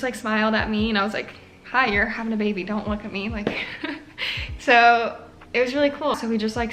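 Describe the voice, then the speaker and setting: A woman's voice: on the high side, a bit bright, slight background noise. Young woman, emotional cracking voice. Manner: chatty, many "like" fillers, emotional. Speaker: nursing student. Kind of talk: casual storytelling vlog.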